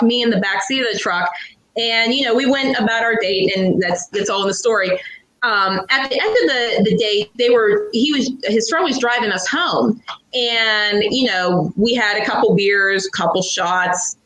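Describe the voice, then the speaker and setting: A young adult woman from Pittsburgh, a guest author telling a story in a lively, laughing way. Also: a little high. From Pittsburgh, USA. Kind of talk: casual storytelling. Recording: echoey room.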